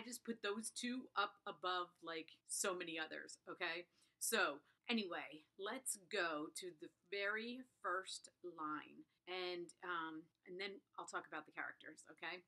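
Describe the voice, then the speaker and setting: A woman's voice: on the low side, bright, forceful tone. A middle-aged woman reviewing a book to camera in a chatty, gushing way, often checking in with her viewers. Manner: gushing, chatty, keeps asking "okay?". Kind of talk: casual chat to camera.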